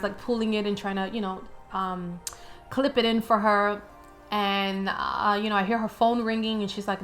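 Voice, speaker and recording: A woman life coach tells a personal story in a loose, chatty vlog style, filling it with likes and you-knows. Her voice is bright and forward, at a middling pitch.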